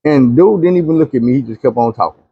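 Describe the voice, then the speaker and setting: A man telling a long dream story, animated, dropping low and quiet when he pleads. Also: fast talker, husky, dry recording, phone-quality sound. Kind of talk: recounting a dream testimony.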